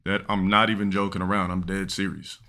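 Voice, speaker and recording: A man's voice: sits low, little pitch movement, fairly quick, bright, forceful tone. A male streamer chatting casually and bluntly, reacting crudely to clips. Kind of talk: casual livestream chat.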